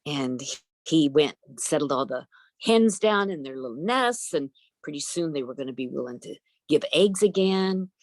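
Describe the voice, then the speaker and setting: Low-voiced woman telling a folk tale. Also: lively intonation, normal speed, no echo. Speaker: storyteller. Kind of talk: oral storytelling. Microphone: video call.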